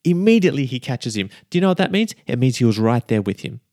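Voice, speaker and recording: Male preacher, mid pitch, fervent sermon delivery with emphatic repetition; dry, close recording. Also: quick pace, dry recording. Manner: fervent, building to excited emphasis.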